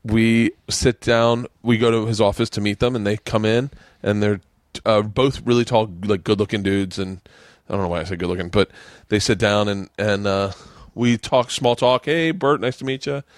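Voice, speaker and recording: A man's voice: fairly low pitch, normal speed, no room sound, studio quality. A man hosting a podcast in casual chat, telling stories and swearing freely. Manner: animated, acts out quoted voices, swears often. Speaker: podcast host. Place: home studio.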